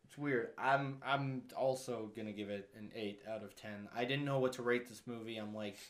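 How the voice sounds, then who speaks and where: A man's voice: mid-range voice, steady tone, normal speed. A young man co-hosting a casual movie review chat, rambling and full of "like" and acted-out quotes. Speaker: co-host.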